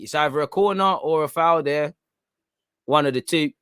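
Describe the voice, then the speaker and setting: A young man hosting a live football watchalong, talking in an animated, slangy, opinionated way. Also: fairly high pitch, normal speed, smooth, no room sound, clean studio sound. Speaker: football channel host. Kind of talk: live match watchalong commentary.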